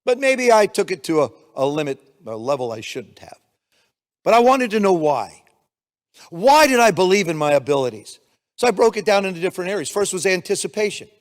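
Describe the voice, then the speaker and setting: A man's voice: sits high, fairly quick. A man in his seventies giving a motivational keynote speech, telling stories and acting out bits of dialogue. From United States. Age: 70s. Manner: storytelling, animated, acts out dialogue. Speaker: keynote speaker. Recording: long hall reverb.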